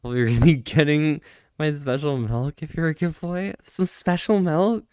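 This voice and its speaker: A man's voice: fairly high pitch, moderate pace, darkish tone, clean tone, no echo, clean studio sound. A man hosting a live stream in a casual, playful and flirty way, laughing often and stammering through restarts. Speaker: livestream host.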